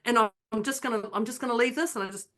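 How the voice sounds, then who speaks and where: A woman's voice: fairly high pitch, quick pace. A woman, co-hosting a podcast and telling a personal story in casual chat, acting out what she and others said. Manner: animated storyteller, acts out her own quotes. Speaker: podcast co-host.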